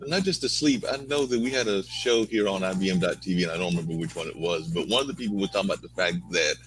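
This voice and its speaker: A male show host in a casual chat, a little lower-pitched than most men, with a bright edge to his voice. He rambles and keeps saying "like". A faint hum runs under the recording. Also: fast talker, poor audio. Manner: rambling, lots of "like".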